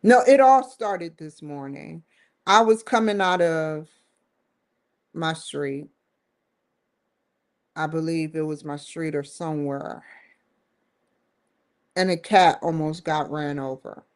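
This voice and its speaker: A woman's voice: sits low, slow pace, pauses often, darkish tone. A woman hosting her own show, giving an emphatic, rambling opinion commentary that circles back and repeats points. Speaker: show host.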